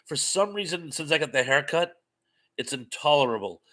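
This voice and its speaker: A man's voice: on the high side, moderate pace. An older man from New England hosting a live stream, reading the chat and rambling through stories on a headphone mic. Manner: chatty, rambling storyteller with lively swings. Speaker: livestream host reading chat.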